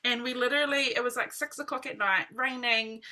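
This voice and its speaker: Bright-voiced woman. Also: on the high side, brisk. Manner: animated storytelling, full of "like" and "literally". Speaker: team member sharing testimony. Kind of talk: personal testimony to a group.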